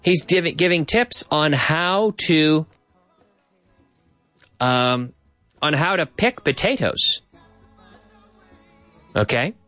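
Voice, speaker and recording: Man, radio host, lively animated delivery, dry studio sound, faint music underneath. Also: fairly high pitch, drawn-out words, long pauses, no echo. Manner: animated, explains clips, drops in Spanish translations. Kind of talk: bilingual radio show chat.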